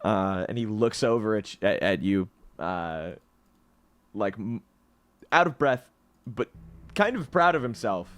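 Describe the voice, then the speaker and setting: A man's voice: on the low side, lively intonation, unhurried, long pauses, fairly bright tone, no room sound. A young man narrating a tabletop game as game master, laughing often in a loose, profane way.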